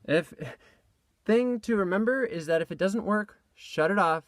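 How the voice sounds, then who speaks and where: A young man with a high-pitched voice speaks unhurriedly in a dry, clean studio-sounding recording. He's a voice actor casually vlogging about his recording session from a small closet packed with clothes, using his tablet's built-in mic, and he rambles with self-deprecating humor, fillers and restarts.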